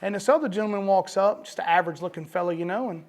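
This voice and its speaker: A man's voice: high-pitched, racing. A man telling his recovery testimony to a meeting room audience in a loose, conversational way. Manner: conversational, peppered with "you know" and "man". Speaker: recovery speaker.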